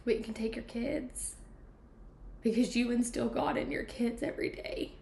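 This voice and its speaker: A woman's voice: on the high side, fairly even intonation, moderate pace, gravelly, darkish tone, slight background noise. A woman hosting a podcast, speaking candidly and from the heart about grieving her mother. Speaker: podcast host. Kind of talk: emotional podcast conversation. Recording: echoey room.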